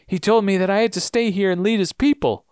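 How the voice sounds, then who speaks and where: A man's voice: sits high, darkish tone, clear, resonant tone, dry recording, clean studio sound, pitched above the performer's own voice, natural voice. A man voicing an anxious, injured middle-aged man from a TV drama, who stammers and halts. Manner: halting, stammering.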